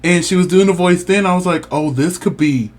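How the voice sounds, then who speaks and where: A man co-hosting a casual review show, speaking in a relaxed, soft-spoken way. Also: sits high, fairly quick. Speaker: podcast co-host.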